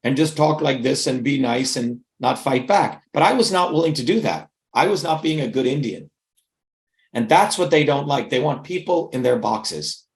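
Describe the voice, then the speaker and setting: A middle-aged man giving an impassioned interview answer, talking emphatically and rhetorically and often checking in with the listener. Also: on the high side. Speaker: interview guest.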